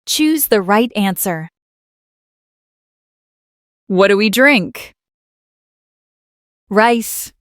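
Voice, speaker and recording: A woman teaching a slow beginner English lesson, speaking clearly and repeating each word for the learner. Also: medium pitch, lively intonation, fairly bright tone, dry recording. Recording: dry close voice with faint music. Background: faint background music.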